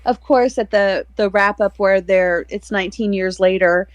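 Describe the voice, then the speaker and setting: A woman's voice: medium pitch, moderate pace, no echo. A woman co-hosting a book podcast, talking in a casual, rambling way and laughing often. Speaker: podcast co-host. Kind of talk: casual chat.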